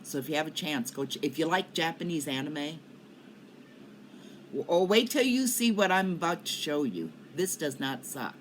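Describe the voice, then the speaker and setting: There's a little hiss or hum behind this older woman's low, animated voice as she talks at normal speed. A cannabis vlogger at home in Colorado, she chats casually to the camera in a rambling way, coughing often.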